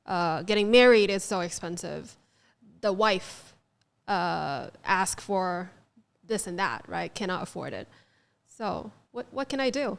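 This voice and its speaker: A woman whose first language is Chinese hosts a casual interview. Her voice sits at a middle pitch, and she talks conversationally, laying out her questions plainly. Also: expressive, a little slow, vocal fry, clear, resonant tone. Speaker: host.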